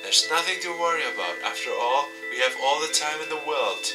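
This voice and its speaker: A man voicing a mysterious young woman from a game, speaking softly and wistfully. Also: on the high side, animated, a little fast, voice pushed up, natural voice. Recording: distant mic with faint music.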